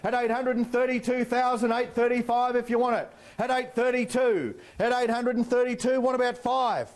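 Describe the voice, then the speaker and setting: Man, Australian accent, auctioneer, very high voice, rhythmic bid calling, cheeky banter. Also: steady tone, normal speed. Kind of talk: live property auction calling.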